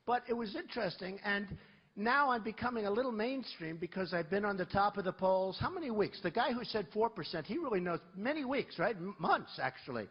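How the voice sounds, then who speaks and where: Male candidate at a rally: husky, very animated, boastful, off-the-cuff. Muffled lo-fi sound. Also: sits high, brisk. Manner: rambling, boastful, conversational storytelling. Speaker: presidential candidate. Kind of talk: campaign rally speech. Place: large rally venue.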